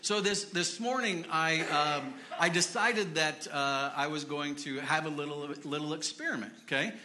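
A man's voice: on the high side, normal speed, echoey room, noisy background. A man preaching a casual sermon in church, chatty and self-deprecating, with many fillers and restarts.

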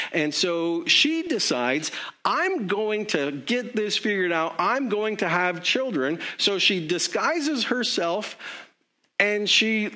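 A man's voice: high-pitched, bright, forceful tone. A man preaching a sermon in a conversational way, with joking asides and frequent fillers. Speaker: pastor.

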